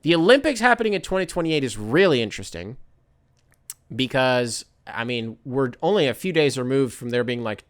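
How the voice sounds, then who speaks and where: A man's voice: medium pitch, fairly bright tone, clean tone. A man hosting a podcast alone, ranting casually with profanity and sarcastic impressions. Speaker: podcast host. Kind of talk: casual solo rant.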